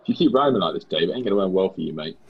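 A British man co-hosting a comedy podcast, giving dry, deadpan replies in scripted pub banter. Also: low-pitched, rapid-fire, vocal fry, husky, muffled recording. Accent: British English. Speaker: podcast co-host.

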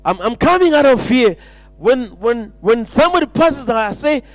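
A man's voice: extremely high pitch, sing-song, normal speed, no room sound, soft background music. A man preaching an impassioned sermon, repeating phrases and stumbling into restarts.

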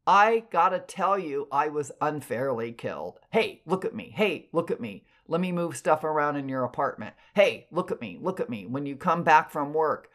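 A woman's voice: low voice, expressive, normal speed, hardly any pauses, fairly bright tone. A woman voicing the ghost of a murdered young man who nags for attention. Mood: pestering. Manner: nagging, attention-seeking.

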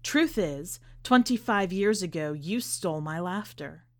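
A woman reading a story aloud, voicing a defiant young woman who speaks in a steady, cutting way. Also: fairly low pitch, unhurried. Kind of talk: audiobook character voice.

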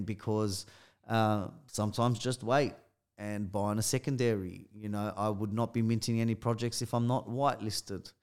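A man with an Australian accent co-hosting a casual podcast, talking emphatically and often addressing listeners directly. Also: fairly low pitch. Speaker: podcast co-host.

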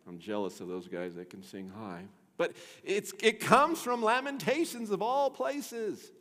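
A man preaching a sermon to his church, swinging between loud emphasis and hushed low tones, with a bass singing voice. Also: big pitch swings, a little slow. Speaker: pastor. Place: church sanctuary. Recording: long hall reverb.

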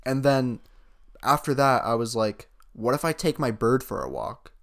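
A man's voice: medium pitch, moderate pace, creaky, a bit bright. A young man in his late teens co-hosting a casual podcast, rambling through stories, laughing often and swearing freely. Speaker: podcast co-host. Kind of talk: casual chat.

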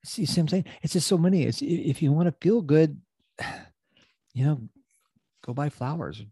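A man's voice: a little high, lively intonation, normal speed, dark tone, husky, dry recording, studio quality. A middle-aged man hosting a motivational coaching podcast, emphatic and casual, often repeating phrases for effect. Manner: casual, loose grammar.

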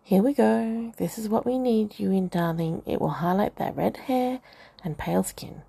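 A glamorous boutique owner with a cut-glass posh English accent, fussing over her friend's style, acted by a female narrator. She is doting and insistent, calling people darling. The voice is gravelly and husky, with a mellow, dark colour. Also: mid-range voice, normal speed. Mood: doting, persuasive. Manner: doting, persuasive, calls everyone darling.

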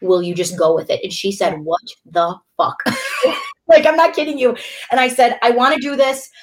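Animated young woman telling a story. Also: a little high, fairly quick. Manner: animated, swearing, acts out her own quotes. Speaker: bartender and show guest. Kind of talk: casual storytelling chat.

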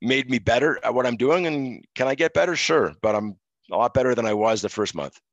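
A middle-aged man from Quebec, a former referee, telling stories in a relaxed interview with many fillers. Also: medium pitch, brisk, no echo, lo-fi sound. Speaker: podcast guest, former hockey referee. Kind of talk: casual interview storytelling.

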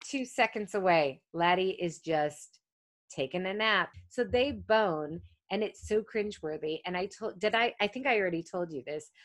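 A woman's voice: fairly low pitch, moderate pace, no room sound. A woman in her thirties co-hosting a podcast, chatting casually about a movie and acting out scenes. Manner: animated, acts out lines from scenes. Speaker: podcast co-host. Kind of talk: casual movie recap chat.

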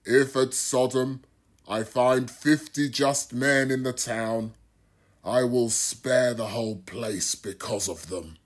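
Guy reading solemn god voice, slow firm and a bit louder. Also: mid-range voice. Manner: firm, measured declarations. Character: solemn male deity, calm and firm.

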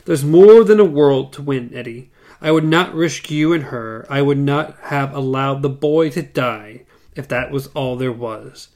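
A grim, weathered gunslinger speaks slow and measured, every line grave and steady, as a man reads him aloud from a book. His voice sits low and calm, in a middle register for a man. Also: lightly acted. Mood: solemn.

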